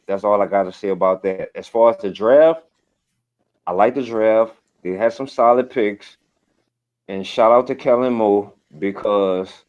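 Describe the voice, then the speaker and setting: A man's voice: on the low side, darkish tone. A man calling into a sports show, blunt, emphatic and slangy. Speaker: call-in guest. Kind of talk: casual sports opinion. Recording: dull lo-fi call audio.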